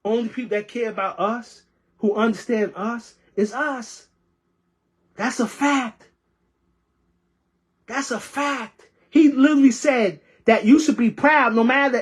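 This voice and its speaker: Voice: medium pitch, moderate pace, breathy edge. A transit worker from New York delivering an impassioned rant, heated and repeating phrases for emphasis. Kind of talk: impassioned ranting monologue.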